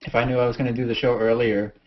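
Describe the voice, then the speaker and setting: A man talks quickly while joking in a mock-indignant way as a guest on a group video chat. The webcam audio is dull and lo-fi. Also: medium pitch, little pitch movement, crowd noise.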